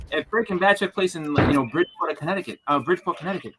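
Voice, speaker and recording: A man with a New England accent in casual chat, telling rambling stories and bursting into loud impressions. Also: on the high side, rapid-fire, few pauses, slight background noise.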